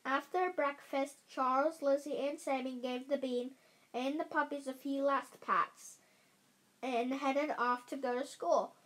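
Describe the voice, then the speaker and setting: High-voiced woman reading slowly. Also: fairly even intonation, fairly bright tone, low-quality recording. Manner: careful reading with frequent slips and restarts. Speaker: reader. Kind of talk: reading a children's chapter book aloud.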